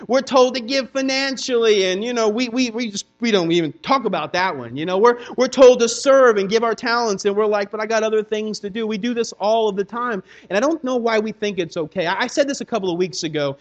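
High-voiced man preaching conversationally. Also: a little fast, hardly any pauses, highs cut off. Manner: conversational preaching, acts out kids' and congregants' voices. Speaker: pastor. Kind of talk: sermon.

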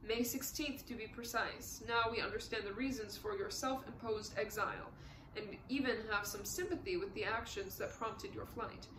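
A woman's voice: a little high, steady tone, normal speed, few pauses, reverberant, noisy background, natural voice. A woman voicing a cold, probing male prosecutor who questions in a clipped manner. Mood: stern. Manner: clipped, interrogating.

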